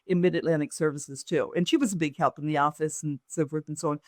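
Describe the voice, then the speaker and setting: A woman's voice: sits low, steady tone, quick pace, a little mellow, no room sound, clean studio sound. A woman, an author and business owner, telling a personal story in an interview and acting out other people's lines as she goes.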